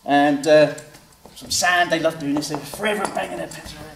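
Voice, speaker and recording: A man's voice: fairly high pitch, steady tone, a little fast, creaky. Man talking through a drawing demo. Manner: chatty, explains step by step, acts out kids' replies. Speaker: author and illustrator. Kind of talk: drawing demonstration with commentary. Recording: roomy sound, mic at a distance, faint background noise.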